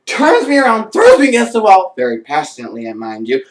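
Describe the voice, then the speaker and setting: A man's voice: sits high, fast. Guy telling a funny story, voice all over the place, kinda far from the mic. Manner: animated, jumps into squealing quoted voices. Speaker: vlogger. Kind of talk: comedic storytelling. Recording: echoey room, voice off-mic.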